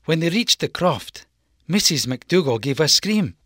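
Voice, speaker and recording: Slow, expressive storybook reader. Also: mid-range voice, no room sound, clean studio sound. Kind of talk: storybook read-aloud.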